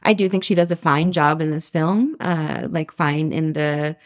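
A woman's voice: low voice, unhurried. A woman co-hosting a casual podcast chat, teasing and laughing often. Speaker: podcast co-host.

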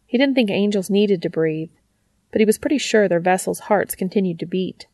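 A woman reading fiction aloud as a narrator, in a steady, even way. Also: medium pitch, normal speed, no room sound. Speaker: audiobook reader.

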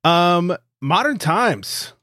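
A man's voice: high-pitched, animated, drawn-out words, sharp tone, dry recording. Brief: male podcast host, thirties, easygoing and profane, dry close sound. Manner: laid-back, swears casually, laughs often. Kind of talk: casual chat.

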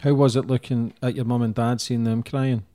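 A man's voice: medium pitch, level tone, brisk, dark tone. A man interviewing a guest with short, prompting questions.

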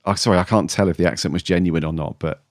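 A man's voice: low voice, fairly even intonation, fast, dry recording, studio quality. A man co-hosting a casual fan podcast. He rambles, chuckles and trails off mid-sentence. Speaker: podcast co-host.

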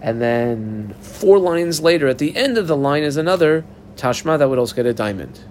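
A Talmud teacher leads a study session methodically, reading short Aramaic phrases, translating them and telling learners step by step exactly how to mark the text. His voice sits on the high side, animated and darkish, at a moderate pace. A little hiss or hum is audible.

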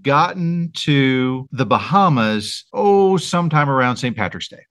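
A man's voice: medium pitch, animated, a little slow, a bit bright, no room sound. A man co-hosting a casual movie podcast, talking through facts in a dry, analytical way. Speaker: podcast co-host.

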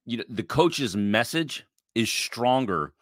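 Philly guy cohosting a sports pod, bright lively voice, dry close mic. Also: medium pitch, slow pace, no room sound. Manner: blunt, jokey, swears casually. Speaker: podcast co-host. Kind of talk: casual sports chat. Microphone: podcast microphone with headphones.

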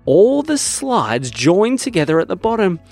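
A man narrating a children's bedtime story in a lively, animated way. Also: high voice, a little slow, creaky, soft background music. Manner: lively storytelling that swings from bright to hushed.

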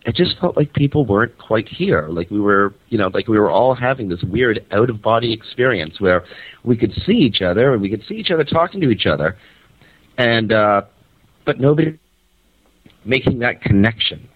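A man on a radio show rambles through an animated story and swears casually. He is phoning in from a hotel conference center. The line sounds tinny and dry, and his voice sits fairly low. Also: normal speed, slightly rough, dry recording. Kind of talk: casual phoned-in radio chat. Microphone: phone.

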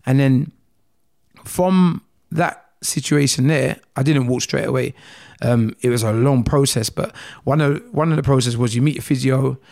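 A man with a London accent, a guest telling a personal story with feeling, acting out the dialogue in a lively way. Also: mid-range voice, moderate pace, gravelly. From England. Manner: animated, acts out dialogue with rising voice.

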